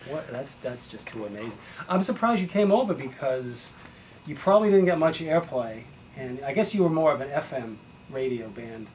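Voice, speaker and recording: A man's voice: mid-range voice, animated, moderate pace, a little mellow, slight background noise. A man hosting a casual interview, dropping in short remarks and questions. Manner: brief interjections and prompting questions. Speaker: radio show host. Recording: distant mic with faint ambience.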